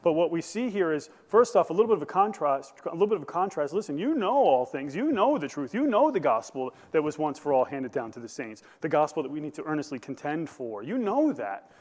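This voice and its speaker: A man's voice: fairly high pitch, very animated, a little fast, hardly any pauses, a little mellow, long reverb tail. A male pastor preaching a sermon, building to emphatic bursts and asking the congregation questions. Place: church sanctuary.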